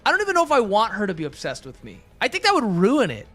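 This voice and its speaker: Young male streamer, high-pitched, rambling joking chat, faint music under. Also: huge pitch swings, fast, fairly bright tone. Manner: rambling, joking, answers chat, many fillers.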